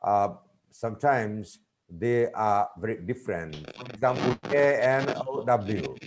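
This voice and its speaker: A man giving a webinar lecture on teaching vocabulary, speaking deliberately and spelling out words letter by letter. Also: on the low side, expressive, very noisy. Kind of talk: lecture presentation.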